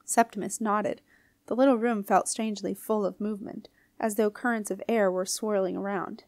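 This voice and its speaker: A woman's voice: medium pitch, normal speed, no room sound. Woman reading a storybook, dry and close. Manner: clear, expressive reading. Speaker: audiobook reader. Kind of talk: storybook narration.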